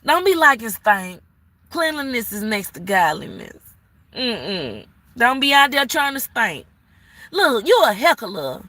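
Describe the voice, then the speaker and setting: A woman's voice: on the high side, big pitch swings, a little slow, bright, forceful tone, no room sound. A woman giving a live-stream tarot reading, sassy and blunt, cursing freely and scolding the viewer like an auntie. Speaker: tarot reader.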